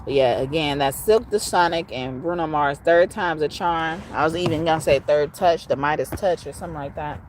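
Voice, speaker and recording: Woman tarot reader, low voice, blunt and profane, faint background hum. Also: moderate pace, few pauses. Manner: blunt and profane, chatty with frequent laughs. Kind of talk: casual live tarot reading.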